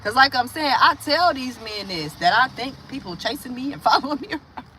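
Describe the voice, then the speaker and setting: A woman's voice: sits high, animated, brisk, pushed and bright, a little hiss or hum. A woman from Milwaukee hosting a casual livestream, rambling through stories and viewer comments, laughing often and acting out the voices she quotes. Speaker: livestream host.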